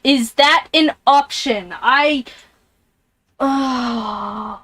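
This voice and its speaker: A woman's voice: high voice, drawn-out words, fairly bright tone, no room sound. A woman streamer playing a game, reading its text aloud and reacting with jumpy, scared comments. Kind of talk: live-streamed game playthrough. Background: headphones on, alone in a room.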